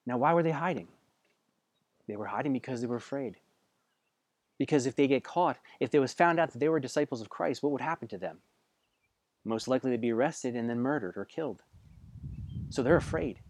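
A man preaching a sermon in a conversational way, asking his listeners direct questions and swinging between hushed passages and loud, emphatic bursts. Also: medium pitch, lively intonation, brisk, pauses often, dry recording. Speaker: pastor.

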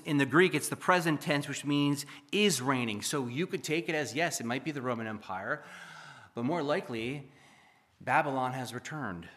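Male preacher, fairly high, bright voice, emphatic teaching sermon. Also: moderate pace. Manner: emphatic, reads scripture aloud then explains. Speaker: pastor. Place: church.

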